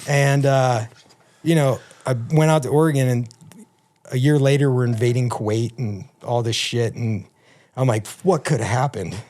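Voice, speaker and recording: A man in his fifties, a podcast guest, tells loose, rambling stories with plenty of swearing. His voice sits at a middle pitch. The talk is relaxed and conversational. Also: normal speed. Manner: profane, rambling anecdotes. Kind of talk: casual storytelling.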